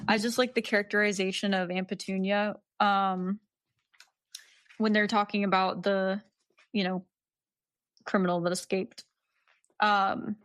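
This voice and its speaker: A young woman guests on a casual book podcast in an even, mid-range voice. She talks hesitantly, with plenty of ums and easy laughter. The mic is close and dry. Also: mid-range voice, no room sound. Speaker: podcast guest, host's wife. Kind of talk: casual book-discussion chat.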